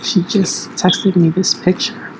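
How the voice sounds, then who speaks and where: A young woman from the United States co-hosting a casual podcast, relaxed and chatty with plenty of "like"s. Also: lowish voice, slow, noisy background. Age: young adult. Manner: relaxed, laughing, filler-heavy. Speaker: podcast co-host.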